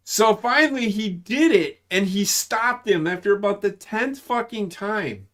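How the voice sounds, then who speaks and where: An army veteran in his forties spins service stories in an unhurried, high-sitting voice with hardly any pauses. The chat is casual and full of profanity, rambling yet animated when he's in storytelling mode.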